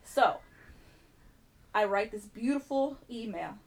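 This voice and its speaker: Podcast host, woman, higher voice, profane animated storyteller. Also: takes it slowly. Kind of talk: casual storytelling chat.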